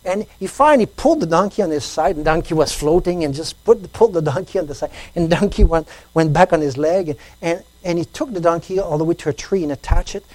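A woman tells a story while preaching, repeating phrases and swinging between loud emphasis and quiet speech. Her voice is lowish and quick with few pauses; there's no echo, but the recording is rough.

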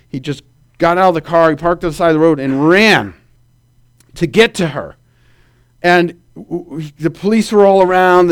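A man preaches with a notably high voice, leaning into vivid storytelling. He keeps asking his listeners to say amen as he goes. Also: clear, resonant tone. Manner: animated storytelling with calls for amen. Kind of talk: sermon.

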